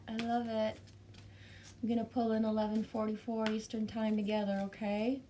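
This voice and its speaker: A Canadian woman with a Canadian accent hosts a casual livestream, reading chat and greeting viewers by name, chatty, bubbly and casually swearing. Her voice is on the high side, level and mellow at normal speed, with a little hiss or hum.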